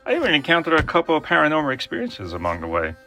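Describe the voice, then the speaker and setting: A man's voice: on the high side, racing, soft background music. A man telling a humorous historical story, with playful asides and jokes about his own mistakes. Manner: jokey asides, playful and animated.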